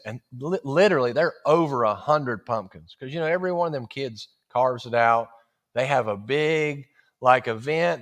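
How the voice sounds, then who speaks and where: A man, preaching through a folksy, animated story and acting out the dialogue. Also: medium pitch. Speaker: guest preacher. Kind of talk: storytelling sermon.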